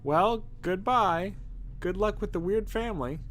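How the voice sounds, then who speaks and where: A man voicing a flustered, excitable grown man in a text adventure game, pitched up high and loud. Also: measured pace, slight background noise. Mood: giddy.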